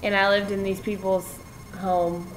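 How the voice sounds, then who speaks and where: A woman's voice: medium pitch, level tone, a little slow, a crowd in the background, low-quality recording. A young woman vlogging at home in casual chat, answering with dry, wry comebacks while she tells their story.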